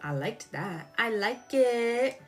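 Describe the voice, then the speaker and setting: A woman doing a live-stream tarot reading, chatty and expressive, jumping from excited squeals to low murmurs as she talks to her viewers. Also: slow, soft background music. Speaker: tarot reader.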